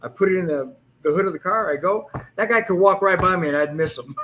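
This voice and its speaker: A man's voice: sits high, fast, noisy background. A man in his sixties, a police hostage negotiator, telling anecdotes in a casual interview and acting out the lines he quotes. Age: 60s.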